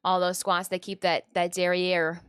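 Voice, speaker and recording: A woman's voice: fairly low pitch, completely flat delivery, moderate pace, fairly bright tone, clear, resonant tone. A woman from Michigan chatting casually on a live stream, easily distracted and full of "like.". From Michigan, USA. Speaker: streamer and cosplayer.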